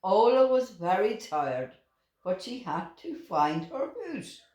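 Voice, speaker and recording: Expressive grandmother reading a picture book. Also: mid-range voice. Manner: slow and expressive, with lively voices. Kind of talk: storybook read-aloud. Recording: roomy echoing room.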